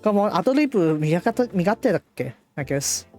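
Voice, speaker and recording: A woman streamer reading and translating a visual novel live in a playful, animated way. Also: fairly low pitch, fast, soft background music. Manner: playful, animated, laughs often.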